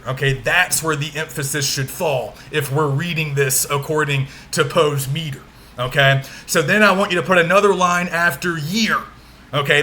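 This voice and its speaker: Man, lecturer, bright forceful voice, slightly high, patient explaining, faint hiss. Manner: patient, frequent check-ins, exaggerates stressed syllables when demonstrating. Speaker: literature lecturer. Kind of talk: recorded lecture walkthrough.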